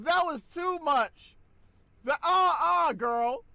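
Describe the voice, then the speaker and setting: High-pitched young man shouting reactions. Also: slow, vocal fry, no echo. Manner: loud exclamations, shouting in disbelief. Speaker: streamer reacting with co-hosts. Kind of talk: excited reaction chat.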